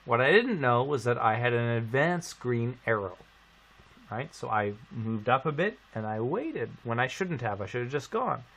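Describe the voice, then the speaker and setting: Bright-voiced Canadian man telling a story. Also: medium pitch, moderate pace. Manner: animated, swearing storyteller who acts out quotes. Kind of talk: casual chat on a live stream.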